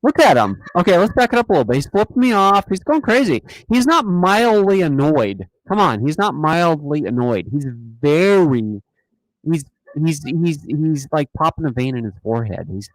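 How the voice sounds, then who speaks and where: A man hosting a casual live stream, talking in an animated, mocking way and often repeating himself. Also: on the high side, moderate pace, dry recording, poor audio. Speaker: host of a dashcam channel live stream.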